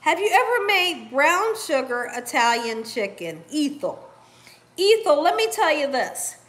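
This cooking channel host, a middle-aged woman, reads viewer comments during her live stream, chatting loosely, laughing frequently and calling her viewers "y'all". Her fairly bright, high voice swings widely in pitch, and she speaks a touch slowly.

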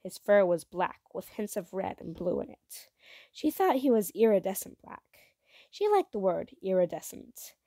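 A woman reading the first chapter of a children's novel aloud in a gentle, even storytelling voice. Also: mid-range voice, moderate pace, no echo, clean studio sound. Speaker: reader.

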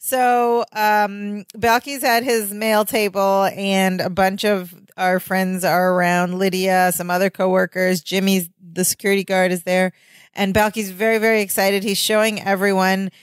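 A woman's voice: medium pitch, flat delivery, clean tone, dry recording. A woman co-hosting a podcast, chatting casually as she recaps a sitcom episode. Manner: chatty, fillers and quick asides. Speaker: podcast co-host.

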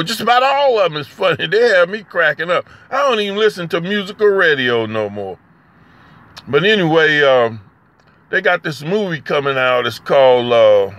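A man's voice: fairly high pitch, sharp tone. A man, rambling through a comedic monologue and chuckling between phrases. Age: 60s. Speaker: poet and comedy vlogger.

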